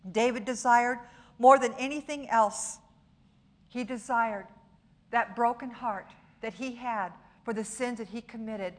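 A middle-aged woman preaching a sermon in an earnest manner, dropping to a soft, hushed voice when she prays. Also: on the high side. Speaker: pastor.

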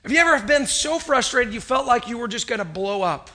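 Upbeat male pastor, sermon delivery in a church sanctuary; high, bright voice. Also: expressive, brisk. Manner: upbeat, chatty, jokes with the congregation.

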